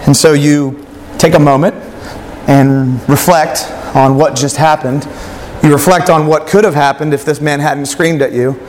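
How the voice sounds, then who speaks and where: A man's voice: a little high, fairly even intonation, a little slow, darkish tone, in a large hall, a little hiss or hum. A male pastor preaching a sermon, telling a story and acting out its voices.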